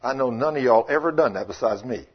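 A man preaching a sermon, telling folksy stories and acting out the people in them, swinging from loud rebukes to quiet asides. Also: medium pitch, animated, quick pace, husky. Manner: folksy, acts out quoted voices, shifts between loud rebukes and quiet asides. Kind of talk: sermon with storytelling. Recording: muffled lo-fi sermon recording.

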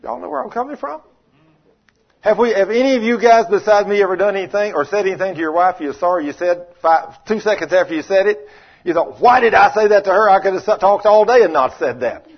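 A man preaches with a husky, somewhat high voice, telling homespun stories and voicing the people in them. He swings between thundering rebukes and quiet, confiding asides. The sermon comes through a dull, muffled lo-fi recording. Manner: folksy, acts out quoted voices, shifts between loud rebukes and quiet asides. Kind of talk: sermon with storytelling.

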